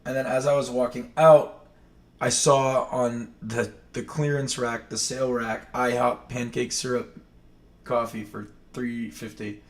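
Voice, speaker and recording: A man's voice: mid-range voice, level tone, unhurried. A man from New England hosting a livestream, chatting in a rambling, self-correcting way. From New England, Maine. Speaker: livestream host. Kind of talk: casual chat. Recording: echoey room, distant mic.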